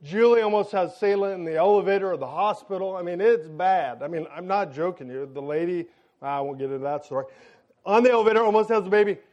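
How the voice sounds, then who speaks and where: A middle-aged man preaching a sermon, telling a funny, animated story and acting out the lines of the people in it. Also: high voice, fast talker, muffled recording. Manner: animated, jokey storytelling with acted-out quotes. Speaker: pastor.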